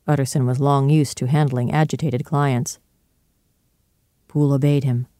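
Steady audiobook narrator, male, with a warm tone and a dry booth sound. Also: mid-range voice, moderate pace, pauses often, dry recording. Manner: clear, steady storytelling. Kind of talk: scripted narration.

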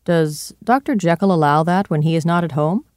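A man's voice: a little high, normal speed, darkish tone, dry recording, clean studio sound, lightly acted. A man reading aloud and voicing a mild, proper male lawyer who speaks politely and with measure.

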